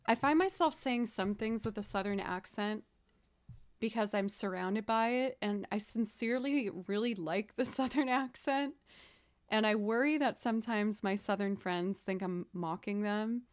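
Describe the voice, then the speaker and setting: A woman's voice: mid-range voice, normal speed. A young woman from outside Boston chatting casually with her livestream viewers, talking about music and her loops with a self-deprecating humor. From outside Boston, Massachusetts. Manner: chatty, self-deprecating, reads chat aloud. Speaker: streamer and musician.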